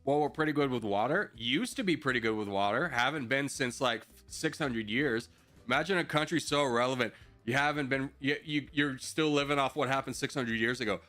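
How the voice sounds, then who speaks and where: A man's voice: mid-range voice, expressive, moderate pace, bright, forceful tone, faint music behind. A man streaming a strategy game live, chatting with viewers in joking mock rants and laughing often.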